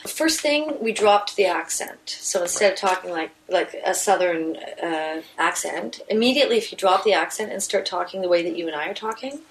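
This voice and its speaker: A woman's voice: lowish voice, lively intonation, moderate pace, hardly any pauses, slight background noise, rough recording. Woman stage actor talking thoughtfully. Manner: thoughtful, explains with restarts. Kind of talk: casual interview. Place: inside a house.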